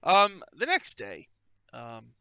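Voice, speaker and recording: Gravelly bright-voiced man running a game. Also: a little high, takes it slowly, muffled recording. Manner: animated, swings loud for character lines. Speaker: game master. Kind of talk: narrating a tabletop game, putting on voices.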